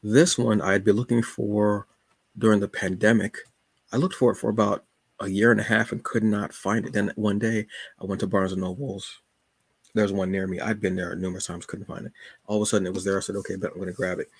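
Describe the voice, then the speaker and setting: A man with a fairly low, husky voice talks loosely and jokingly as a podcast host, like he is chatting with friends. The sound is dry and close, with no room around it. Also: level tone, a little fast, no room sound. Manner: laid-back, joking, colloquial. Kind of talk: casual solo chat.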